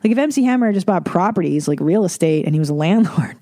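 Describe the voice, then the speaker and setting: A middle-aged woman hosting her own podcast, talking bluntly and swearing freely as she rambles from one thought to the next. Her voice sits low and mellow. The sound is close and dry, with no room around it. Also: expressive, fast, no echo. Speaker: podcast host. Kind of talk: casual solo podcast talk.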